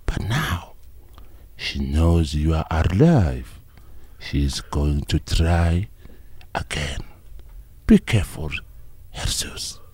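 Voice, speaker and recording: A solemn guardian angel, put on by a man, speaks in a very deep, dark, husky voice. He drags each grave warning out slowly, and his pitch swoops widely for drama. He sounds like a radio-play angel on a studio microphone. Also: very animated, dry recording, heavily acted. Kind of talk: improvised radio drama acting.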